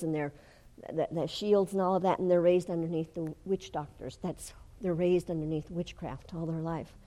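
An older woman preaching a testimony sermon in a fervent way, rising to loud declarations. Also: lowish voice. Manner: fervent, rises to shouting when retelling.

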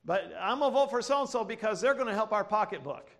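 A man's voice: high-pitched, animated, quick pace, a bit bright. A male pastor from Ohio preaching a sermon with emphatic, rising delivery and call-and-response.

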